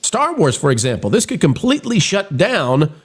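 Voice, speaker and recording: A man hosting a live stream, reading and commenting on news in an animated, theatrical way while getting over a cold. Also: fairly high pitch, normal speed, slightly rough. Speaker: show host.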